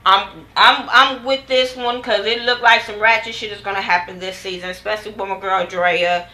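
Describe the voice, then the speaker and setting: A young woman casually recapping a TV episode in a vlog, animated and profane, acting out what others said. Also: medium pitch, normal speed, low-quality recording. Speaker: TV show reviewer.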